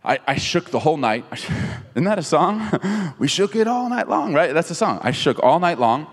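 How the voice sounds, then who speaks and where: A middle-aged man, a pastor, telling a funny story in a sermon, animated and self-mocking. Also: on the high side, moderate pace. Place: church auditorium stage. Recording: reverberant hall.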